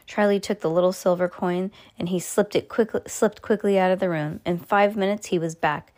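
A woman's voice: fairly low pitch, steady tone, fairly quick, hardly any pauses, darkish tone. A woman hosting a podcast, reading a children's book aloud with chatty, playful asides to a child. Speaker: podcast host reading to kids.

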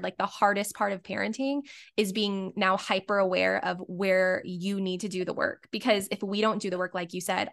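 A woman in her thirties hosting a casual podcast conversation, telling relatable stories in an animated way. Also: medium pitch. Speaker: podcast host.

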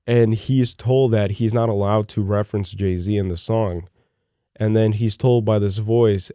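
A young man co-hosting a podcast in casual chat, rambling excitedly and peppering his talk with "look" and "dude". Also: on the low side, a little slow, no room sound, studio quality. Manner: animated and rambling, with many "look" and "dude" fillers. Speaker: podcast co-host.

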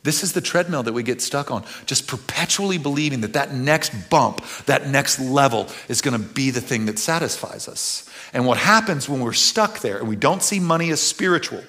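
A middle-aged man, preaching a conversational sermon that swings from quiet and earnest to loud, animated bursts. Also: mid-range voice, normal speed, few pauses. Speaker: pastor.

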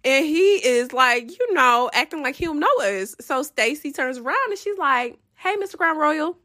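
A young adult woman telling a story to her viewers in a casual, profane, animated way, often breaking into laughs. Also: sits high, moderate pace.

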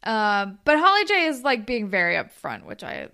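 A woman's voice: fairly high pitch, huge pitch swings, moderate pace, vocal fry, bright, forceful tone, smooth. A young woman co-hosting a casual podcast, retelling TV scenes and acting out the characters' lines. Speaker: podcast co-host recapping a TV show. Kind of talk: casual chat.

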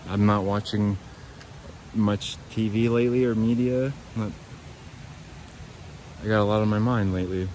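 Low-voiced man rambling outdoors. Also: a little mellow, a little hiss or hum, poor audio. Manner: rambling, swears freely, self-mocking. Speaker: podcast host. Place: outdoors by a creek.

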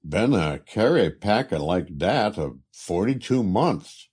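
A man's voice: fairly low pitch, very animated, takes it slowly, a little mellow, slightly rough, voice pushed up, heavily acted. A man voicing a chatty, poor Italian immigrant laborer who speaks broken English with an Italian accent. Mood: eager. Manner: broken English, eager and talkative.

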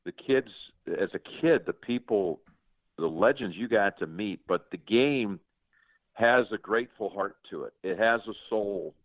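A man's voice: fairly low pitch, unhurried, no echo. A man in his sixties hosting a conversational interview, effusive and often stammering over repeated words. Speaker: host. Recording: tinny phone-like sound, dry.

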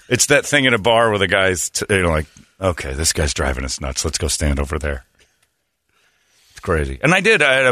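A radio show host with a low, sharp voice rambles through a comic story, interrupting himself and laughing at his own jokes in talk-show banter. The recording is studio quality with no room sound.

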